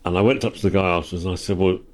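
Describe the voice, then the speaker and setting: A man's voice: low-pitched, very fast. An older man chatting as a podcast guest, telling anecdotes and ranting with mock outrage. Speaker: guest, host's father. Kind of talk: casual chat, anecdotes. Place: workplace full of vintage cars.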